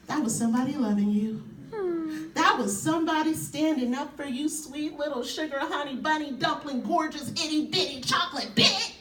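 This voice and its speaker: A woman's voice: sits high, moderate pace, fairly bright tone. A woman giving a live spoken-word performance to an audience in a university hall, tender and playful, often laughing. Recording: echoey hall, mic far off.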